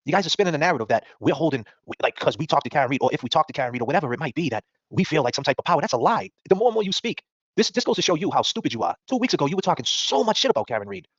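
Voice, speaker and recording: A man's voice: on the high side, big pitch swings, very fast, husky, no room sound, muffled recording. A man hosting a podcast, ranting at critics in a combative, profane, mocking way. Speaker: podcast host. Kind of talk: ranting talk-show monologue.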